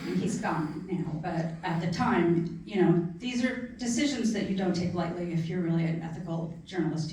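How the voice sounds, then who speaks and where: A woman's voice: medium pitch, a little mellow. A middle-aged woman author talking about her new book at a library event, chatty and earnest, at times emotional. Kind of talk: casual book talk. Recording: echoey room from far off.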